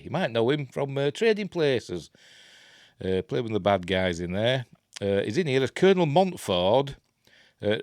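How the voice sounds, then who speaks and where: A Yorkshireman with a lowish voice chats casually about films from home, rambling, running himself down and muttering to himself. The recording is clean and studio-like, with no echo.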